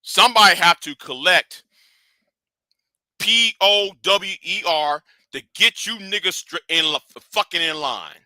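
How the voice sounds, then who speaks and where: A man hosting a livestream, scolding and animated in a profane rant that swings from shouting to hushed. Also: sits high, measured pace, no room sound. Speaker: livestream host.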